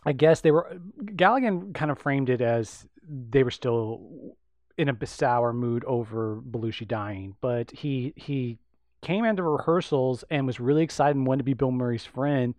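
A podcast co-host chats casually about a film in a medium-pitched, slightly slow voice. He rambles, with plenty of fillers and restarts. The recording is dry.

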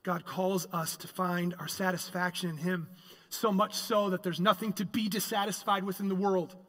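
A high, bright male voice preaching in a church sanctuary. He leans into key phrases and swells them with emphasis, and a long hall reverb trails each line. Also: steady tone, normal speed. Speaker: pastor. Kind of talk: sermon.

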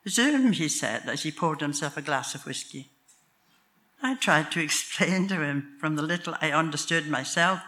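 An older woman with a Northern Irish accent tells a story from her own life. Her voice is very bright and sharp, and she makes wry, self-mocking asides in a homely way. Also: sits low, moderate pace. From Northern Ireland. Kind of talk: live storytelling from memory.

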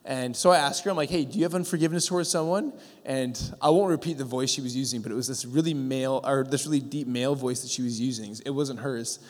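A man's voice: medium pitch, quick pace, few pauses. A man telling a testimony in a sermon, earnest, with many fillers and restarts. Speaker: preacher sharing a testimony. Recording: long hall reverb.

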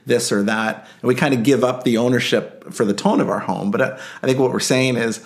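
A man's voice: medium pitch, steady tone, a little fast, vocal fry. A man hosting a casual parenting discussion, hesitant, with many fillers and "right?" tag questions. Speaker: podcast host.

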